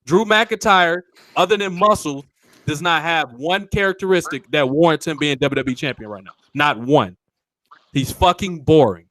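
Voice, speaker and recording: A man's voice: a little high, normal speed, fairly bright tone, no echo. A man hosting a casual wrestling talk show, speaking bluntly and swearing freely. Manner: blunt and profane. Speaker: podcast host.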